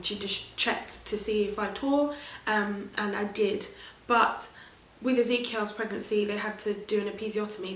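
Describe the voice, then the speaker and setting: A woman vlogging her birth story in a chatty, animated way, often laughing. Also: mid-range voice, a little hiss or hum. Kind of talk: casual storytelling to camera. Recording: roomy echo.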